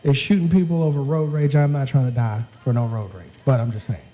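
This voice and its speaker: A middle-aged man co-hosting a casual chat show, animated and joking, acting out quotes. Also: medium pitch, fast, soft background music, poor audio. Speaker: co-host.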